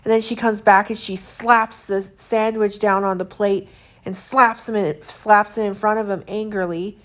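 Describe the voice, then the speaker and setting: A young woman talks straight to the camera at home, her voice sitting at an ordinary middle pitch. She sounds earnest and indignant, rambling loosely and leaning on fillers as she goes. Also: fairly even intonation, moderate pace, fairly bright tone. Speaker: vlogger. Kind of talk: casual chat to camera.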